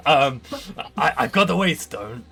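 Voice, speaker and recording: A man's voice: on the high side, expressive, unhurried, gravelly, sharp tone, soft background music. A man playing a tabletop game over a call, talking animatedly and stumbling over his words. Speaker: player. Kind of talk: casual tabletop game chat.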